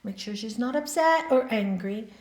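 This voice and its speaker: A woman gives a spiritual talk as a yoga teacher, telling stories with emphatic, animated delivery. Her voice sits fairly high. The hall around her adds a clear echo. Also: moderate pace. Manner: animated storyteller acting out quoted voices, emphatic. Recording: echoey hall.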